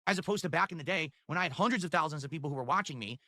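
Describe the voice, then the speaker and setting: Fast, bright, defiant male YouTuber. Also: fairly high pitch, animated. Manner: defiant, insistent, self-justifying. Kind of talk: defiant monologue to camera.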